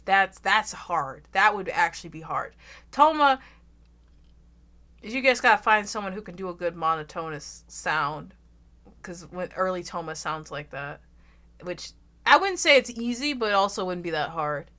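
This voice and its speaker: A young woman with an American Southern accent, chatting loudly and casually with her stream audience, rambling and swearing freely. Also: lively intonation, unhurried. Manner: loud, rambling, swears freely, bursts into shrill laughs. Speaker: VTuber streamer.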